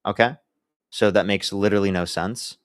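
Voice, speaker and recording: A man's voice: on the low side, steady tone, moderate pace, no room sound, clean studio sound. A man hosting a live-stream debate, blunt and profane, pressing his opponent and reading out donor thanks.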